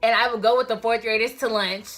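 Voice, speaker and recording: Animated young woman telling a storytime vlog. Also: a little high, fast talker, faint music behind. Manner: animated, slangy, addresses viewers as y'all. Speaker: vlogger.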